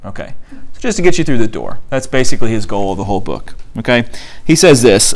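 Young male discussion leader; relaxed, chatty, leans on fillers, mid-pitched voice. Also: fast. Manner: conversational, many fillers, reads quotes aloud. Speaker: study group leader. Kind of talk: casual teaching talk.

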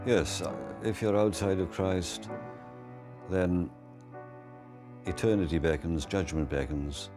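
A man answering interview questions in a measured, thoughtful way. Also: deep voice, over music.

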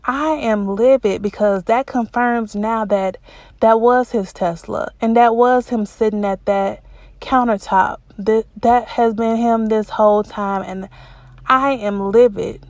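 A woman's voice: on the high side, steady tone, takes it slowly, a little mellow, dry recording. A woman candidly telling a personal story in casual, colloquial speech, emotional at times and drawn out with repetition. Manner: colloquial, says y'all.

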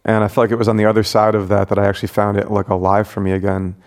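A man's voice: fairly low pitch, monotone, racing, darkish tone. A man who is a pastor, hosting a casual interview, talking reflectively with many fillers and restarts. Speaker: pastor and podcast host.

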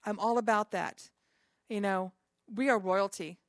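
A woman's voice: medium pitch, measured pace, no room sound, clean studio sound. A woman pastor giving an informal sermon to a small group, talking conversationally with chatty asides between scripture readings.

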